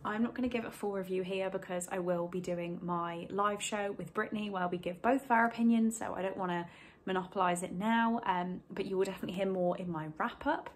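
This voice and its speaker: A woman's voice: mid-range voice, fairly even intonation, a little fast. A young woman talking casually to camera from home about books, in a rambling, apologetic way. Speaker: book vlogger. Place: home, indoors.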